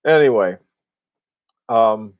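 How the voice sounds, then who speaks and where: A man hosting a casual livestream, answering viewers in a halting, rambling way with many restarts and fillers. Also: fairly low pitch, animated, a little mellow, clean tone, no echo. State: has the hiccups. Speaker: host of a live watch talk.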